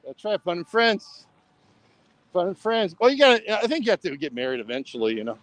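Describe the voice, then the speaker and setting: An American travel vlogger rambles through a casual vlog chat while walking outdoors and into a mini market by a beach, tacking "bro" onto nearly every line. His voice sits high, with lively intonation and a brisk pace. The recording is dry and rough.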